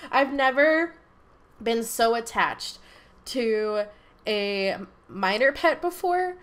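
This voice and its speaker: A woman commenting on her own game in a high, bright-pitched voice. Her talk is animated and emotional, and she laughs often. Her pitch swings widely from one phrase to the next. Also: takes it slowly. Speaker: gaming channel host. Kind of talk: let's play commentary.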